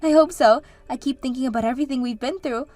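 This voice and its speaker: A woman's voice: sits high, fast talker, darkish tone, no room sound, lightly acted. A woman voicing Sarah, an earnest and grateful young woman who is a bride-to-be, in a scripted story drama. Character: bride-to-be sister, grateful and nervous.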